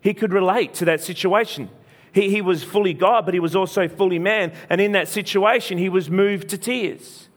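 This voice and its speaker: Retelling a story in his sermon, a male preacher speaks earnestly at normal speed in a fairly high voice. He uses short, repeated phrases and frequently restarts mid-line to drive the point home.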